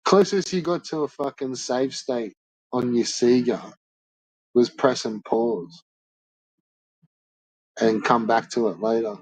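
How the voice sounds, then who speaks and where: Husky, foul-mouthed male streamer ranting bluntly at his chat, mid-pitched. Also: takes it slowly, pauses often, a little mellow, no room sound, poor audio. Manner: profane, blunt, swears constantly. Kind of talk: casual rant to chat.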